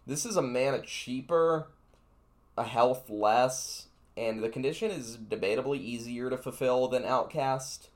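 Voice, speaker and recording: A man with a medium-pitched voice speaks at a measured pace while co-hosting a podcast. He rates cards in casual, rambling talk, excited and leaning heavily on filler words.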